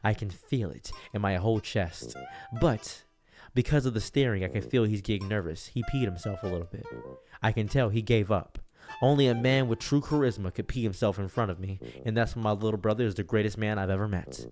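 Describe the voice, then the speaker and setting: A young man telling an absurd comic story in a deadpan, rambling way. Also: fairly low pitch, fairly quick, soft background music. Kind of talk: comedic storytelling.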